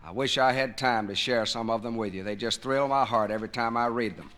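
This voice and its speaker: A man's voice: medium pitch, brisk, a bit bright. A man giving a patriotic speech to a live audience, telling folksy stories and jokes with emphasis. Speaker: public speaker. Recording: 1970s vinyl record of a live speech.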